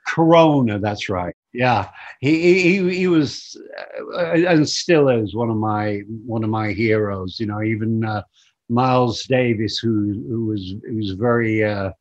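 A middle-aged man from northern England, a guest musician, speaks in a lowish voice with a Lancashire accent softened by decades in America. In this casual interview chat he sounds reflective and halting, repeating words as he starts. The audio is muffled and lo-fi.

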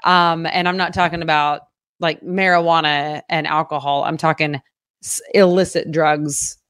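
A woman's voice: low-pitched, steady tone, normal speed, fairly bright tone, clear, resonant tone. Chatty woman reading local news. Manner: chatty, upbeat, reads stories then riffs. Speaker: local news podcast co-host. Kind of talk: casual news chat and reading headlines.

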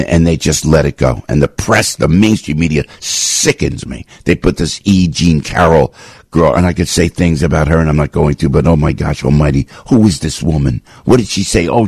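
A man's voice: deep voice, a little mellow, breathy edge, no echo. A man hosting a talk radio show, speaking in a fired-up, indignant and rambling way from a radio studio.

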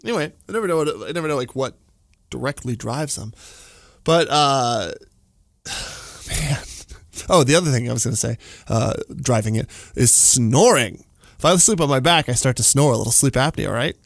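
Animated man recounting a dream. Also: mid-range voice, normal speed, vocal fry, no room sound, clean studio sound. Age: 40s. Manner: animated, laughing, lots of fillers. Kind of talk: casual storytelling. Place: studio.

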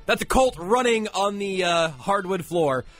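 A man appearing as a guest on a sports talk show, trading quick jokes and picks. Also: high-pitched, expressive, over music. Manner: joking, quick-witted. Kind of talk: casual sports banter.

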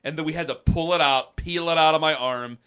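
A man co-hosting a podcast, telling a story in a lively casual way and acting out the people in it. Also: a little high, a little fast, clear, resonant tone. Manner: animated, acts out voices of people in his story. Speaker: podcast co-host.

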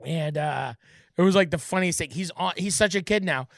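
A man's voice: on the high side, normal speed, creaky, dry recording, studio quality. A man co-hosting a casual podcast chat, telling stories with animation and acting out quotes. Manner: animated storytelling, acts out quotes loudly. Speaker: podcast co-host.

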